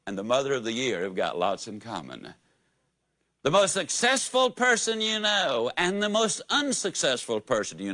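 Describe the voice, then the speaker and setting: A man's voice: mid-range voice, pushed and bright, dry recording. A man giving a live motivational speech, telling folksy stories and asking the audience questions. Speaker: motivational speaker.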